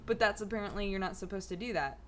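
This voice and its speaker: A young adult woman rambles in a casual vlog from home, packing her chat with fillers. Her voice is medium-pitched and quick, and the recording is very noisy.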